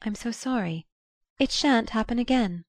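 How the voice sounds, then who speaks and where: A woman reading the lines of a composed young wife in an audiobook, in a firm, bright tone. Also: fairly high pitch, lively intonation, slow, no echo, clean studio sound, pitched above the performer's own voice.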